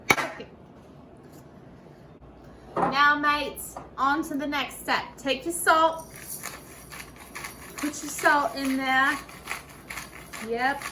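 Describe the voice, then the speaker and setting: A woman hosting a casual home cooking video in her kitchen, talking in playful, profane mock-chef banter. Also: high-pitched. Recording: noisy room ambience.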